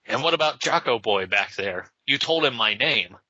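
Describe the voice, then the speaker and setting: A man reading aloud and voicing a gruff, contemptuous grown vigilante with curt, scornful lines. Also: mid-range voice, lively intonation, normal speed, pushed and bright, no room sound. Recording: slightly dull lo-fi sound.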